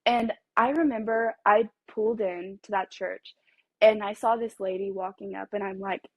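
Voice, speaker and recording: Animated young woman, dry close mic. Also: medium pitch, moderate pace, no room sound. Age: young adult. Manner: animated, acts out quoted dialogue, laughs often. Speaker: podcast guest. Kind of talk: storytelling in casual chat.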